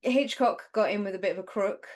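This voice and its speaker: A woman's voice: medium pitch, brisk, darkish tone. Woman co-host, northern English, loose rambling chat about old films. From Northern England. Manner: rambling, conversational, many fillers. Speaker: podcast co-host. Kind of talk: casual chat.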